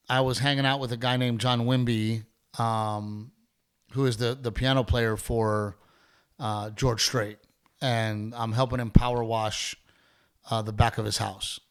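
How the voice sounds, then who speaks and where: A middle-aged man tells a story on his podcast, loose and profane, stumbling over restarts as he goes. His voice sits at an ordinary middle pitch. He talks into a studio mic in a casual chat. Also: smooth. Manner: profane, rambling, animated storyteller with many restarts. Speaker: podcast host.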